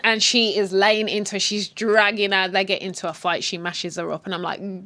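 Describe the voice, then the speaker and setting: A woman recapping a TV series in a blunt, animated way, swearing freely. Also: mid-range voice, brisk, few pauses, dry recording. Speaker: channel host recapping a TV series. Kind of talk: casual story recap.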